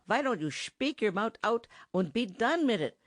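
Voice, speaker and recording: Pushing her medium-pitched voice upward, a woman reads the part of a middle-aged German bandmaster who is bossy, pompous, and blustering, speaking broken English in a thick German accent. Her delivery is sing-song and slow, in a dry audiobook recording with no echo.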